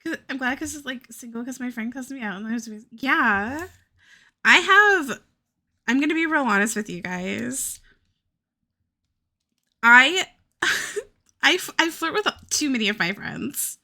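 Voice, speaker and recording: Young woman, from the American South, casual streamer chat, rambling, swears a lot, lively bouncy pitch. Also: measured pace, long pauses. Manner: chatty, heavy "like" filler, swears freely.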